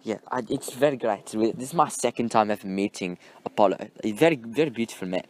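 A man's voice: lowish voice, quick pace, a little mellow, natural voice. A man playing a brash, crude young South African man in an improvised comedy skit, swearing often and ending his sentences with "man". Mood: boisterous. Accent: mock South African.

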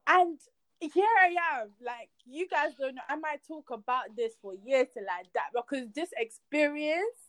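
A young woman tells her story in a casual chat. Her voice sits a little high, and she acts out the people she quotes. The recording is dry and close. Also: expressive, normal speed, fairly bright tone, dry recording. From Nigeria. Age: young adult. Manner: earnest, preaching faith. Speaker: guest.

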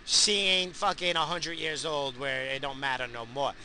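A man in his forties ranting crudely from inside his car, yelling now and then at other drivers. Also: a little high, fairly even intonation, normal speed, slight background noise. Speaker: vlogger. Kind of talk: casual profane rant.

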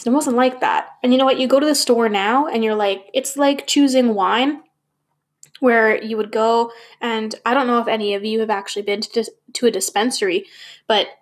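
A woman speaking candidly to her viewers, questioning herself and swearing now and then. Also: a little high. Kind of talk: candid personal talk to camera.

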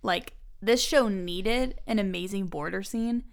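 A woman talks casually with a friend about a drama, her voice smooth and clear. She fills her talk with fillers and slips into lines from the show. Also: mid-range voice, a little slow. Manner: chatty, many fillers, acts out quotes. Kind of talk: casual chat recapping a drama.

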